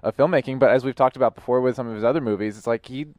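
A man's voice: mid-range voice, racing, a little mellow, no room sound. A man co-hosting a movie commentary podcast, hesitant and swearing casually as he thinks aloud. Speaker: podcast co-host.

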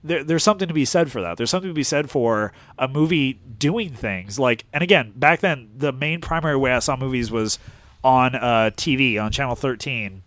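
A man's voice: mid-range voice, brisk, dry recording. Rambling man on a movie podcast. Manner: rambling, animated storytelling with restarts. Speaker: podcast co-host. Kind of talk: casual movie commentary chat.

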